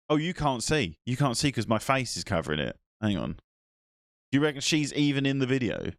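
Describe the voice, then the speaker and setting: Animated, rambling man streaming. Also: mid-range voice, a little fast, vocal fry, no echo, clean studio sound. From England. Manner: swears, rambling, talks to chat. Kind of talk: casual live-stream chat.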